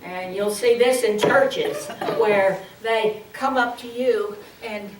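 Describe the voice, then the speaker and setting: A woman's voice: a little high, slow pace, background noise. A woman giving a public speaking training talk, playful and full of uh fillers, acting out bad habits. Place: large hall. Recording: echoey hall from far off.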